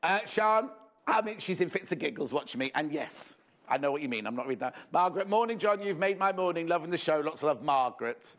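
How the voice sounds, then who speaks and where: A man's voice: on the high side, expressive, quick pace, a bit bright. A man presenting a live shopping show in a playful, jokey, chatty way, reading out viewer messages.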